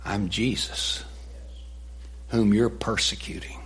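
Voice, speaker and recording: A man voicing a calm, commanding divine voice from heaven. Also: fairly low pitch, slow, breathy edge, full character voice.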